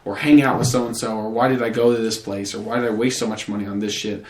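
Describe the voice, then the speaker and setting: A man's voice: fairly low pitch, fast talker. Rambling, profane young man in a roomy space. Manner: rambling, profane, animated storytelling with acted quotes. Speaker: podcast host. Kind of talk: casual podcast chat. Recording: roomy echo.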